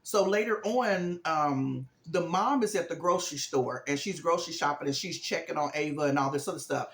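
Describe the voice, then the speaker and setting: A woman's voice: low-pitched, brisk, reverberant. A woman in a casual vlog, telling a movie plot in a chatty way, full of fillers and acted-out lines. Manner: chatty, acts out characters' lines with emphasis; frequent fillers like "um" and "this, this, and that". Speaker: vlogger recapping a movie. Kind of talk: casual storytelling recap.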